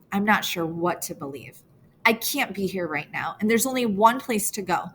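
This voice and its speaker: A woman's voice: mid-range voice, animated, normal speed, fairly bright tone, a little hiss or hum. A woman reading a novel aloud in the first person, earnest and emotional, as a teenage girl telling her own story. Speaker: audiobook narrator.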